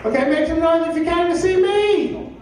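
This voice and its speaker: A middle-aged man with a very high-pitched voice, speaking at normal speed, performs a live stand-up set on a comedy club stage, joking loosely and working the crowd. The recording is echoey and distant, with heavy background noise and audience laughter.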